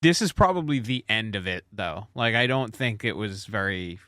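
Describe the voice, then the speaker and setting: A man's voice: lowish voice, animated, normal speed, pushed and bright, no room sound, clean studio sound. A man on a casual podcast, telling funny stories at his own expense. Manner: storytelling, self-mocking. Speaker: podcast co-host. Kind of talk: casual chat.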